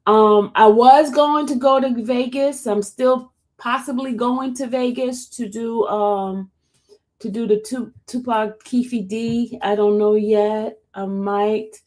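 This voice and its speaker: A woman's voice: a little high, takes it slowly. Chatty woman livestreaming to her viewers. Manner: chatty and expressive, talks straight to viewers. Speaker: livestream host covering court cases. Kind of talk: casual livestream chat reacting to viewer comments. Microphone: streaming setup.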